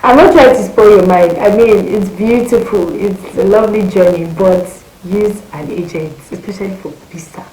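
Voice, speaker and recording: A young woman in her twenties with a Nigerian accent, telling a story to her viewers in a lively, exclamatory way with her voice leaping up when she gets excited. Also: mid-range voice, moderate pace, hardly any pauses, reverberant, low-quality recording. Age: 20s. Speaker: vlogger. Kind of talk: casual storytelling rant.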